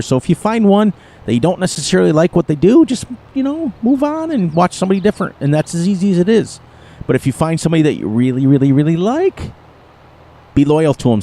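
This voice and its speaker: A man's voice: fairly high pitch, very animated, fast talker, dark tone. Rambling middle-aged man streaming a game. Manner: rambling and chatty, with frequent chuckles and restarts. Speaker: gaming streamer. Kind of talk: casual live-stream chat while playing a farming game.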